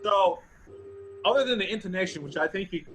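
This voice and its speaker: A man with a fairly high voice leads a group bass lesson over a video call. He is thoughtful, circling back and restarting his phrases as he looks for the right words. A faint hum of noise sits behind him. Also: lively intonation, a little fast. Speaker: bass teacher. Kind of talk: teaching a group music class.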